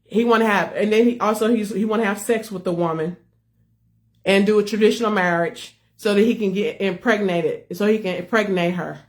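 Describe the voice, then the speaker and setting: A woman's voice: mid-range voice, a little fast. A woman who leads a ministry, giving an earnest personal testimony to her followers and repeating herself as she speaks to viewers directly. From United States. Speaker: ministry leader.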